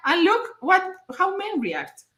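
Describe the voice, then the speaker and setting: A woman with a high, bright voice co-hosting a live-stream chat. She thinks aloud hesitantly and restarts often. The room is noticeably echoey. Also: huge pitch swings, slow. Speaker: co-host reading chat.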